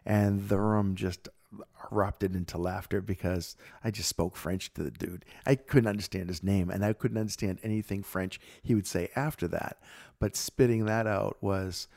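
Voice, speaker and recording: A man co-hosting a podcast, chatting casually and telling animated stories with frequent laughter. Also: sits low, normal speed, creaky. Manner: animated storyteller, laughs often. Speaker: podcast co-host. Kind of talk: casual chat.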